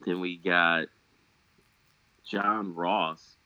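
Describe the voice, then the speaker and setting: A man with a lower voice and a forceful, bright edge talks in loose, joking podcast chat. He swears freely and trails off into fillers, and his voice sounds dry and close. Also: fairly even intonation, very slow, clean tone, no echo, dull audio. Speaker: podcast host. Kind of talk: casual fantasy football chat.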